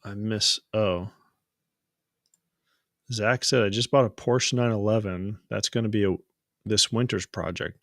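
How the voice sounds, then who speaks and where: A man's voice: on the low side, steady tone, measured pace, long pauses, no room sound, clean studio sound. A man hosting a casual live-stream hangout, chatty and laughing as he tells stories. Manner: chatty storyteller, laughs often, restarts mid-sentence. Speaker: host.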